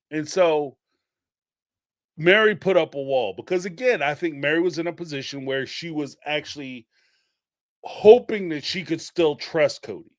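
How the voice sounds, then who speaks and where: Man hosting a chatty live recap, slightly high voice, dry close sound, rambling and laughing. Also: no echo. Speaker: reality TV recap host. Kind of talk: casual live-stream commentary.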